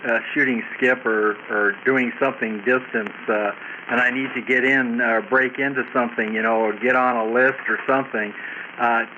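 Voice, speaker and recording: Older guy on ham radio, lots of pauses, muffled and staticky. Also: medium pitch, fairly even intonation, noisy background. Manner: halting, hesitant delivery. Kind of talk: casual radio chat.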